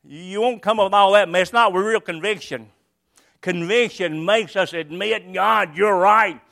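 Older guy preaching, pretty high voice for a man, says things over and over with a lot of push. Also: normal speed. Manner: emphatic, repetitive, swings between loud and hushed. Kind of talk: sermon.

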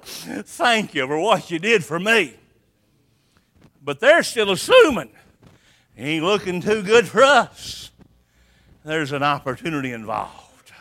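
A man preaching a sermon, swinging from hushed asides to shouted emphasis. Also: sits high.

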